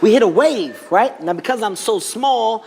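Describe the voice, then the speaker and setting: High-voiced man telling an animated anecdote. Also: normal speed, long reverb tail, heavy background noise. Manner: animated, self-mocking storytelling. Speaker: talk show guest. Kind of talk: talk show anecdote.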